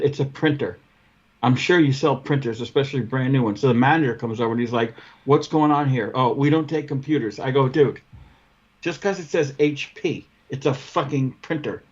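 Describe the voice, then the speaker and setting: A man's voice: mid-range voice, moderate pace, breathy edge. Profane storytelling podcast man, lo-fi sound. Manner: profane storyteller who acts out both sides of his arguments. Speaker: podcast co-host. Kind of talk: casual chat. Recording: dull lo-fi podcast audio.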